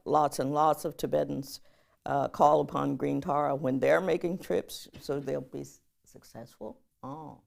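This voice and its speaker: A woman professor giving a public lecture, telling stories in a lively way and leading the audience in chanting. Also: deep voice, creaky.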